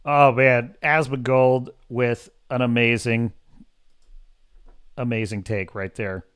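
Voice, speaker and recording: A man's voice: mid-range voice, steady tone, slow pace, a bit bright, smooth, dry recording, clean studio sound. A man hosting a podcast, ranting in casual commentary with an opinionated, exasperated tone. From United States. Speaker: podcast host.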